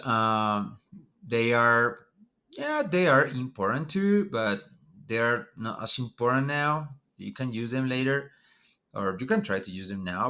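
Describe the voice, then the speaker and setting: A man's voice: mid-range voice, sharp tone. A man teaching an online Spanish lesson, explaining in a loose, hesitant way with many ums and uhs.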